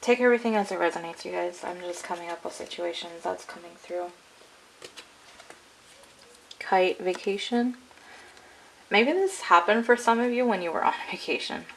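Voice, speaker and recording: A woman with a fairly low, gravelly voice talks her viewers through a tarot reading. She rambles in a loose, chatty way, leaning on "like" and "I'm getting." The delivery stays casual and conversational. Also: a little fast, slight background noise, rough recording. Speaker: tarot card reader.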